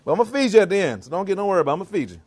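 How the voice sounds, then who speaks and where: A man's voice: sits high, sing-song, very fast, darkish tone. A man giving a vegan cooking demonstration to a live audience, calling out to the crowd like a preacher. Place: church hall kitchen.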